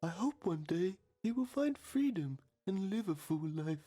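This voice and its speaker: Game narrator: a man playing a grave, deadpan TV documentary host, mellow and husky, over faint music. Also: sits high, a little slow. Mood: solemn. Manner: deadpan, solemn documentary delivery. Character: solemn male TV documentary narrator.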